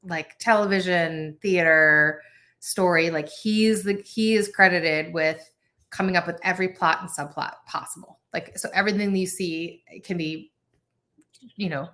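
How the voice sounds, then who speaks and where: A woman's voice: fairly low pitch, fairly even intonation, normal speed, pushed and bright. A woman, a guest on a casual chat over a video call, playfully joking along. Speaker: podcast guest.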